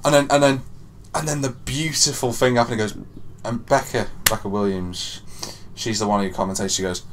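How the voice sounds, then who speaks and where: A young man co-hosting a podcast, telling an excited story that swings from hushed to loud. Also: mid-range voice, fairly quick, noisy background. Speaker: podcast co-host. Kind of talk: excited casual chat.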